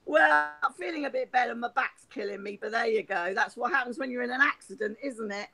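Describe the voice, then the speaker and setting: A woman's voice: on the high side, brisk, bright, forceful tone, low-quality recording. A middle-aged woman from Hampshire with a posh southern English accent. She chats on a video call in a rambling way, laughs a lot and swears freely. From Hampshire, England. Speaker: guest. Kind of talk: casual live-chat conversation.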